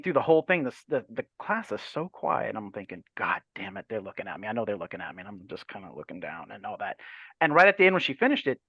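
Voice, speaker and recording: A man's voice: medium pitch, no room sound, highs cut off. A man in his forties from Louisiana, a guest author telling stories in a casual podcast chat, acting out the voices in his anecdotes and swearing freely. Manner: animated anecdotal storytelling with voiced quotes and swearing.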